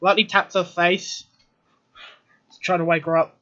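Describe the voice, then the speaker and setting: A man's voice: high voice, flat delivery, unhurried, sharp tone. A man running a tabletop role-playing session as game master, talking casually. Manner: casual, swears, voices an NPC. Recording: dull lo-fi audio.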